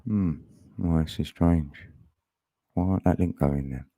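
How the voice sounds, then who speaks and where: A man's voice: low-pitched, measured pace, mellow, dry recording. A man chatting casually on a live stream, laughing often and greeting viewers by name.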